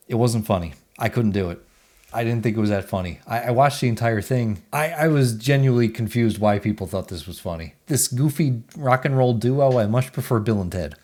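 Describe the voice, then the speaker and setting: A man's voice: mid-range voice, darkish tone. A man, giving casual, blunt movie reviews in a chatty, offhand way. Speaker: movie reviewer, channel host.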